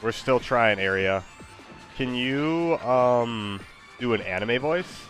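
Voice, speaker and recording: A man's voice: mid-range voice, animated, slow pace, a bit bright, soft background music. A man chatting casually while he plays a game, hesitant and rambling. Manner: hesitant, rambling, many fillers. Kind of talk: casual chat while gaming.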